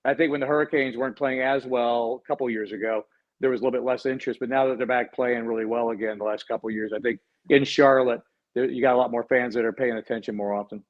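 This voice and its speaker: A man's voice: mid-range voice, highs cut off. Joking male sports radio host. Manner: joking, quick and lively. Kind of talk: casual radio sports banter. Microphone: studio microphone.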